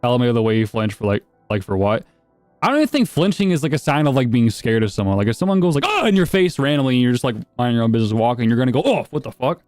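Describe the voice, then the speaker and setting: A man's voice: mid-range voice, expressive, rapid-fire, a little mellow, dry recording, soft background music. A man streaming live and reacting to videos in blunt, profane, rambling casual commentary.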